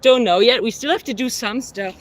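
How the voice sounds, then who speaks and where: A woman live-streaming her outdoor workout, chatting with viewers and counting reps out loud, a little winded at times. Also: fairly high pitch, fairly quick. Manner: chatty, reads viewer comments aloud between sets. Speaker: fitness vlogger. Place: outdoors in a city. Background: faint traffic and street noise.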